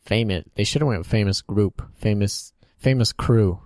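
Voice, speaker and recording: A man's voice: on the low side, slow, long pauses, darkish tone, no room sound, clean studio sound. A man co-hosting a casual podcast, joking around and tossing in wisecracks. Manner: joking, laughs a lot, wisecracks. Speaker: podcast co-host.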